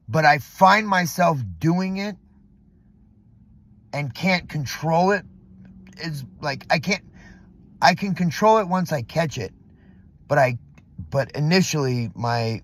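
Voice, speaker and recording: Middle-aged man, slightly raised pitch, loose profane vlog rant packed with fillers. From Southern California. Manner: rambling, profane, heavy use of fillers. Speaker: vlogger. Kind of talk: casual vlog monologue. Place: parking lot.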